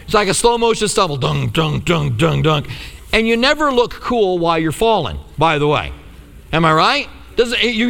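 A middle-aged man preaching a sermon, telling stories in a relaxed, humorous way. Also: sits high, clean tone, long reverb tail. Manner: conversational storytelling with humor. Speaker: pastor.

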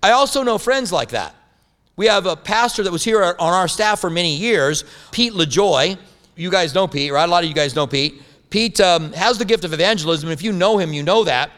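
A man's voice: high-pitched, moderate pace, a bit bright. A man preaching a sermon as a pastor, telling stories with humorous asides. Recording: long hall reverb.

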